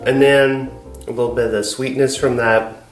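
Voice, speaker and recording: A man taste-testing food with the host in a home kitchen, relaxed and teasing as he searches for words. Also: medium pitch, normal speed. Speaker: host's taste-testing partner. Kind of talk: casual chat. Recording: roomy kitchen echo, faint music.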